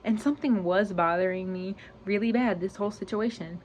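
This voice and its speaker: A woman's voice: mid-range voice, fairly quick, darkish tone, slight background noise. Young woman rambling through a storytime. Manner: rambling, heavy use of "like" and "you know". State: close to tears. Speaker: vlogger. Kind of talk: storytime vlog.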